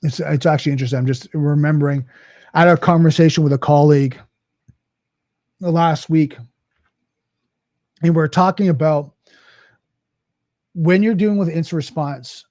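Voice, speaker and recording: A man hosts a podcast in a loose, conversational monologue, often circling back with "right?". His voice sits a bit high for a man, with a mellow, relaxed tone. The recording is dry and close. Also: normal speed, long pauses, no echo. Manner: conversational, with frequent restarts and "right?" asides. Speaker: podcast host. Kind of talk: casual monologue.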